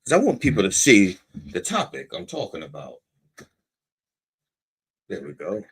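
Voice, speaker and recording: A man's voice: fairly low pitch, wildly swooping pitch, a little slow, fairly bright tone, husky. A man hosting a podcast in a casual monologue, rambling and digressing as he talks. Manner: rambling, digressive, self-interrupting. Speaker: podcast host.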